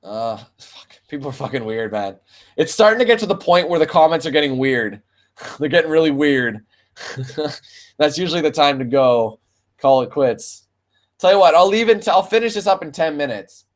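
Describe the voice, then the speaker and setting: A young Canadian man with a Canadian accent chats through viewer questions on his gaming stream. His voice sits slightly high. He is laid-back and swears freely, calling people man and bro. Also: lively intonation, normal speed. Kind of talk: casual live-stream Q&A.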